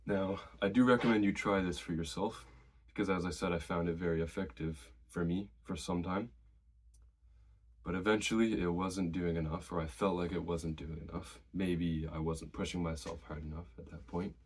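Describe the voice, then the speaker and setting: A man's voice: low voice, moderate pace. A man casually sharing his own workout advice, a little out of breath. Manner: relaxed, conversational, shares personal experience. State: slightly out of breath. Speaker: fitness vlogger.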